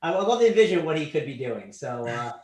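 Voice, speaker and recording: A man hosting a casual sports betting show, animated, his voice swinging up and down and trailing off quietly. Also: a little high, quick pace, reverberant. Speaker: show host.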